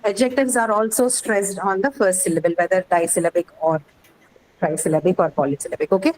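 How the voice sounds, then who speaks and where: A woman at a middle pitch teaches a class and walks through each point in turn. She keeps stopping to ask "okay?" to check that the student follows. A faint hiss of background noise sits under her voice. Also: fairly even intonation, fairly quick, a little mellow, low-quality recording. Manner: explains step by step, often checking with "okay?". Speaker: English teacher. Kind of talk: online class lecture.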